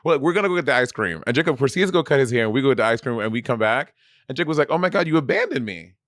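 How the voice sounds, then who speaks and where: A man with a Saint Lucian accent co-hosts a podcast, telling stories in a casual chat full of frequent laughter and animated delivery. His mid-range voice races along. The recording is studio quality with no echo.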